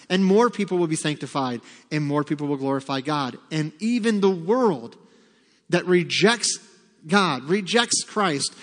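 A man preaching a sermon as pastor, emphatic, acting out quoted prayers and God's replies with rising force. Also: fairly high pitch. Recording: long reverb of a church hall.

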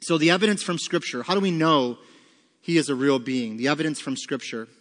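A man's voice: on the high side, a little fast, a bit bright. A man teaching a Bible lesson to a congregation, emphatic, asking rhetorical questions and answering them himself. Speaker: pastor teaching a Bible study. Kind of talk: sermon-style Bible teaching with fill-in notes. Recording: long reverb of a large room.

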